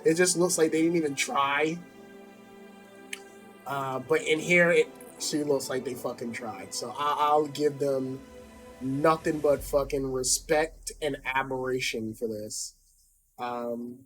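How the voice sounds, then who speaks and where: A man reacting to a game trailer in casual, profane, excitable commentary, repeating himself. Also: on the high side. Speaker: YouTube reaction host.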